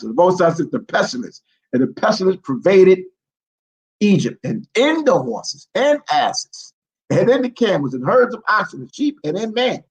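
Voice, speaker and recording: High-voiced man reading and ranting. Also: moderate pace, poor audio. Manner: animated, profane, incredulous; stumbles over words while reading. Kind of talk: reading scripture aloud with joking commentary.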